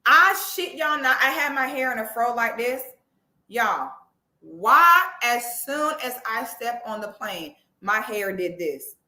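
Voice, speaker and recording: Animated woman vlogger, high bright voice, comic storytelling, echoey room. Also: slow pace. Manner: animated, loud exclamations, cursing, speaks directly to viewers.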